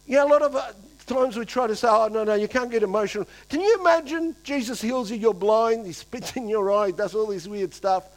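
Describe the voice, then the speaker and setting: High-voiced man preaching a lively sermon. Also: fairly quick, poor audio. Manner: animated, acts out quoted voices, swings between loud and hushed. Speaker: pastor.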